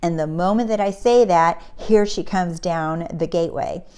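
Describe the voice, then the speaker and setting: A woman with a fairly low voice tells a personal story in a relaxed, chatty way. She acts out the people she met and slips into quick laughs as she goes. She speaks as a coach talking straight to her viewers. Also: smooth. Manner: breaks into laughter mid-sentence. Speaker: manifestation coach and channel host.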